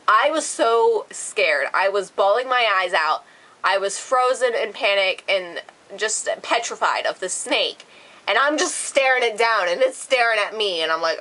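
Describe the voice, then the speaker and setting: A woman vlogger tells a storytime with dramatic, animated energy and casual profanity. Her voice is bright and sharp, with a fairly high pitch. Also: moderate pace, rough recording. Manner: animated, swears freely, dramatic retelling. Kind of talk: storytime vlog.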